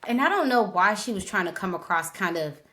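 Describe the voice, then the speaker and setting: A woman's voice: mid-range voice, lively intonation, brisk, sharp tone. A woman co-hosting a podcast, retelling scenes in a chatty way and acting out quotes in casual conversation. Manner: chatty storytelling, acts out quotes. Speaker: podcast co-host. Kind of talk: casual recap chat.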